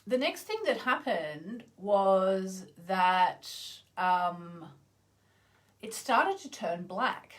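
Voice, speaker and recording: A middle-aged Australian woman hosting a live chanting session, talking casually and meandering, with loud exclamations that trail off into soft endings. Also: mid-range voice, animated, very slow. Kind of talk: casual live-stream chat. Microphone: video call.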